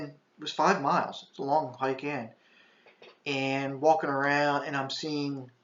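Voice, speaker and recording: A man, a retired park ranger, telling a tense first-person story, halting and restarting, and shouting the commands he once gave. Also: mid-range voice, slight background noise. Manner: intense, shouts quoted commands. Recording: echoey, slightly dull sound.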